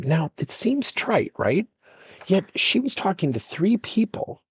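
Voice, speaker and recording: A man's voice: high voice, unhurried, breathy edge, no echo. A middle-aged man, a workplace coach and podcast host, telling stories and acting out the dialogue. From United States. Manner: animated, acts out dialogue in stories. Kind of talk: storytelling coaching talk.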